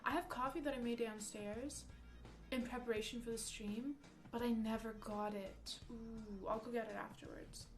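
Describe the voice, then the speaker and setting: A young woman livestreaming from home, telling a story in a chatty, animated way full of "like" while reading chat. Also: fairly high pitch, normal speed, over music. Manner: chatty, animated, peppers speech with "like".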